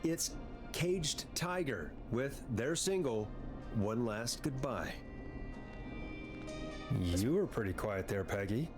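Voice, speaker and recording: A man voicing an easygoing late-night radio DJ in a video game, with relaxed on-air patter. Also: mid-range voice, slow, pauses often, music in the background. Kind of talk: voice-acted video game dialogue.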